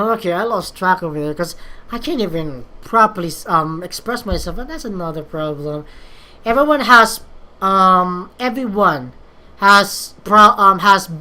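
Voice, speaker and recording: A woman's voice: lowish voice, pushed and bright. A young woman from the Philippines, talking through a casual, rambling monologue, hesitant and full of fillers and restarts. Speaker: vlogger.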